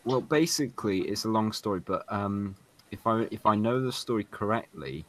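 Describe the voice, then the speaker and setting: Rambling low-voiced man explaining. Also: lively intonation, moderate pace, low-quality recording. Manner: rambling explainer, many fillers. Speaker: podcast co-host. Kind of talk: casual group chat.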